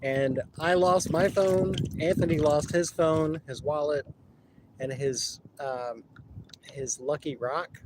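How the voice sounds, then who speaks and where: A man tells loose, laughing stories while out on the river, cursing freely as he goes. His voice sits a touch high for a man. Faint outdoor noise hangs behind him. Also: fairly even intonation, takes it slowly. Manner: rambling, laughing, swears freely. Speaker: vlogger. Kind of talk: casual storytelling while kayaking.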